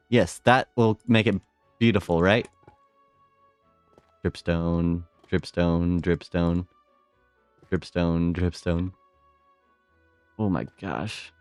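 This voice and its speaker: A man giving live gameplay commentary as a streamer, excitable, repeating short phrases and exclaiming often. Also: fairly low pitch, no echo. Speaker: game streamer.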